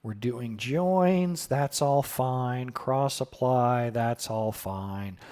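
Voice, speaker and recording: A man's voice: medium pitch, very slow, darkish tone. A middle-aged man live coding on a stream, thinking aloud casually with sudden surprised exclamations and answering chat questions.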